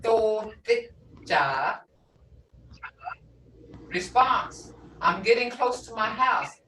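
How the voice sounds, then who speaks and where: An older woman teaching a language class, sounding out words slowly and syllable by syllable. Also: a little high, animated, sharp tone. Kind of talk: slow language lesson with repeated words. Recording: echoey room, a bit distant from the mic, faint background noise.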